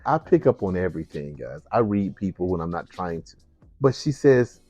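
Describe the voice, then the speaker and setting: Low-voiced man telling an animated story. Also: moderate pace, muffled recording, faint music behind. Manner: animated, acts out voices, laughs while telling. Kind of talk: personal storytelling.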